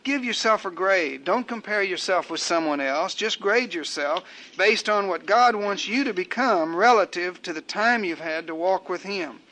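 An older man delivers a sermon in a high, bright voice. He preaches in measured, rhetorical cadences, stacking up repeated phrases to drive each point home. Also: expressive.

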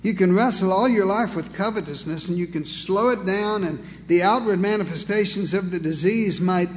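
A man's voice: sits high, normal speed, in a large hall. A male pastor preaching an emphatic, rhetorical sermon with dry humor.

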